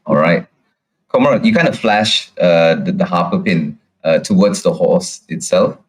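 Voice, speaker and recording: A man's voice: low-pitched, lively intonation, measured pace, poor audio. A man narrating as the dungeon master of a tabletop game, hesitant, with many restarts.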